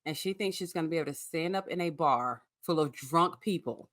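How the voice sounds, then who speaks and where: A woman's voice: low-pitched, fairly quick, fairly bright tone, no room sound, clean studio sound. A woman guesting on a casual reality TV recap podcast. She is blunt and outspoken and laughs easily.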